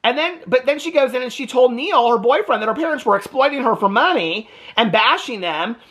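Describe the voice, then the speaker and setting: A man hosting a reaction video, recapping a documentary in casual, exasperated commentary with quick asides. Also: very high voice, animated, fairly bright tone.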